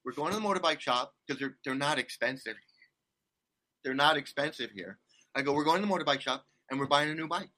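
A man's voice: a little high, a little fast, sharp tone. A man telling a rambling travel story in casual chat, laughing often and restarting his sentences. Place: condo abroad.

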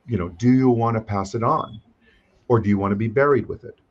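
Chatty low-voiced man, husky and lo-fi. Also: fairly quick. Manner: animated, chatty storyteller. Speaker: auctioneer. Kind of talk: conversational interview. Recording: dull lo-fi sound.

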